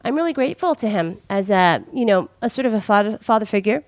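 A woman's voice: medium pitch, expressive, fast, no room sound, clean studio sound. A woman comedian in casual podcast chat, rambling with many "like"s. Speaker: comedian guest.

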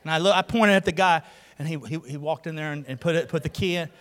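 In a large church hall with long reverb and a crowd audible behind him, a man preaches a sermon. His voice is a little high and fast, and he tells animated stories, acting out other people's voices.

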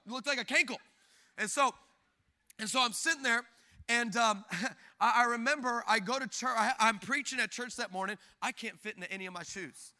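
A pastor delivers a comic sermon, telling his story with lots of energy and jokes. His voice sits very high and sounds strikingly bright and sharp. He acts out the people in the story, going loud and then soft. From Hispanic background. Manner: animated, jokey, acts out quoted people with big shifts in loudness.

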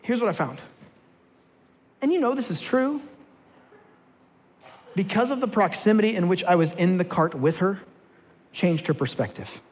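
A man's voice: very high-pitched, in a large hall. A man preaching a sermon to his church, telling a personal story and then leading repeated rallying declarations. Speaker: pastor. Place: church sanctuary.

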